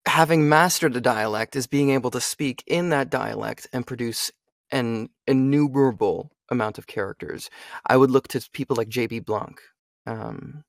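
A man's voice: mid-range voice, moderate pace, creaky, no room sound, clean studio sound. A young man, a voice actor and audiobook narrator, chatting loosely in an interview and often asking "you know what I mean?". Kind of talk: casual interview chat.

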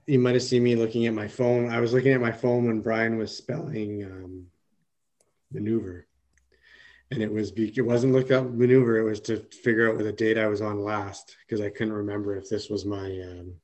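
A man's voice: lowish voice, flat delivery, normal speed, darkish tone. A man in his thirties, a podcast co-host and father, telling a story hesitantly with many ums and small laughs. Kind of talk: casual chat.

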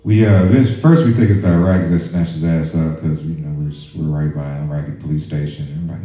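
Very deep, dark-voiced man telling stories. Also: fairly even intonation, brisk, hardly any pauses. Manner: profane, laid-back, drifts into quiet asides. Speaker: podcast host, army veteran. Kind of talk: casual storytelling. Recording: echoey room, muffled lo-fi sound.

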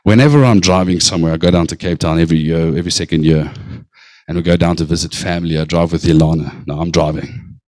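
A pastor preaching a sermon, slowing down to stress lines and then speeding up in bursts. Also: male voice, deep voice, fairly even intonation, darkish tone, no echo, poor audio. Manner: preaching with slow drawn-out emphasis and sudden bursts of speed.

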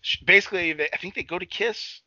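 Guy swearing his way through a tv recap, bright voice, dry muffled sound. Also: sits high, quick pace, no room sound. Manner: rambling, profane, acts out characters' lines. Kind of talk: casual crude chat recapping a TV episode.

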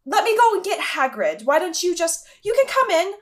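A woman voicing a flustered, apologetic young female professor who talks in quick, bright bursts in a tabletop game. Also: very high voice, very animated, pitched above the performer's own voice.

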